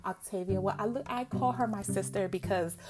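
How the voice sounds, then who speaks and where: A woman host, chatting casually and excitedly with lots of fillers. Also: medium pitch, fairly quick, loud music behind the voice. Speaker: podcast host. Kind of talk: casual chat.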